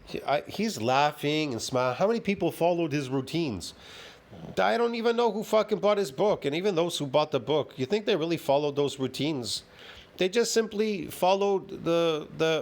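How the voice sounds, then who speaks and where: A man's voice: fairly high pitch, animated, moderate pace. A man ranting heatedly and profanely as he reacts to a fitness video, repeating himself and swearing often.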